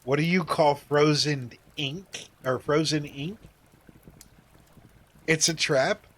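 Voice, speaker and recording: A man casually chatting while streaming a game, joking and self-deprecating, thinking out loud. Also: on the high side, slow. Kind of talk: casual live-stream chat.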